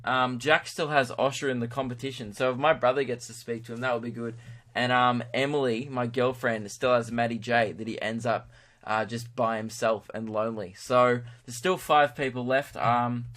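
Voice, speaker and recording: A young Australian man hosts his own podcast, delivering a casual monologue that's rambling, crude, and full of self-mockery. His medium-pitched, slightly bright voice keeps a steady tone at normal speed.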